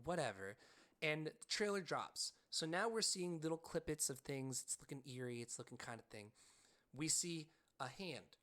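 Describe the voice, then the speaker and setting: A man co-hosting a podcast, telling a story in an animated, excitable way and leaning on the word "like.". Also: fairly high pitch. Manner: frequent "like" fillers. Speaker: podcast co-host. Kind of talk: casual storytelling chat.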